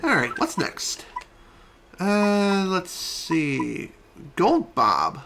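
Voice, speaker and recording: A woman's voice: fairly low pitch, wildly swooping pitch, very slow, background noise. A woman giving casual, chatty commentary while playing a video game, opinionated and full of fillers. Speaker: let's play streamer.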